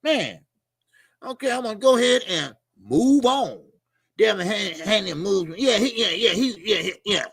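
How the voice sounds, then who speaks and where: A middle-aged man hosts a boxing livestream, high-pitched and gravelly with a bright, forceful edge. He rambles in a loose, profane way, laughs easily and shouts out viewers by name. The sound is dry and close. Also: expressive, normal speed, no room sound. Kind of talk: casual livestream chat.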